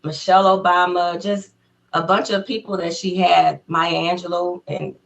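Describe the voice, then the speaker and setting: This is a woman with a somewhat low-pitched voice, chatting as a guest in an interview. She tells her story eagerly and casually, with frequent laughs, and acts out each quote in a raised voice. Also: level tone, moderate pace, gravelly, highs cut off. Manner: laughs often between phrases.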